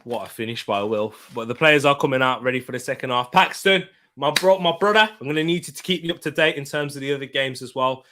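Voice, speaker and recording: A young man hosting a live football watchalong, chatting casually and bursting into loud excited shouts at big moments. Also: medium pitch, fast talker, few pauses, noisy background. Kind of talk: live match commentary and chat.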